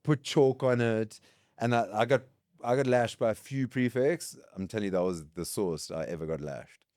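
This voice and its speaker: A man's voice: medium pitch, normal speed, dry recording, studio quality. A South African man in his late thirties, a podcast guest telling school stories in a casual chat and laughing often. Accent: South African English. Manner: laughs often, lively anecdotes.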